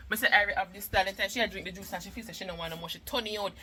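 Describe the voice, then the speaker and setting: A woman's voice: mid-range voice, steady tone, rapid-fire, noisy background. A Jamaican woman and mother chatting casually in a vlog, emotional and talkative, mixing patois with English. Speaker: mother and vlogger.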